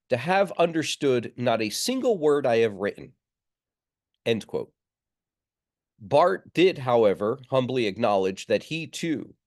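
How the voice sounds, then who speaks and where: A man teaches a seminary class over a video call. He talks through his points in a measured way, often pausing with fillers and restarting phrases. His voice comes through a computer microphone. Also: medium pitch. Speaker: seminary lecturer. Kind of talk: online lecture. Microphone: computer mic on a video call.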